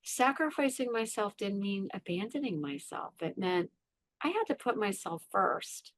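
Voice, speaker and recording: A woman's voice: mid-range voice, expressive, moderate pace. Earnest middle-aged woman telling her story. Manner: earnest, repeats words for emphasis, acts out her inner voices. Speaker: podcast guest. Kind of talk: personal story in conversation.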